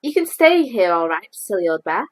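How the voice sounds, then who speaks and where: A woman voicing a kind, sensible young boy in a storybook read-aloud, gentle and reassuring. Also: mid-range voice, very animated, normal speed, voice pushed down, close to an everyday voice.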